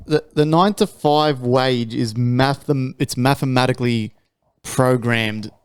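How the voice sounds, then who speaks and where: A young adult man with an Australian accent, co-hosting a casual podcast chat and telling stories with lots of swearing and sudden jumps in pitch. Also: measured pace, clean tone. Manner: animated storytelling, swears freely, big pitch jumps when ranting. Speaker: podcast co-host.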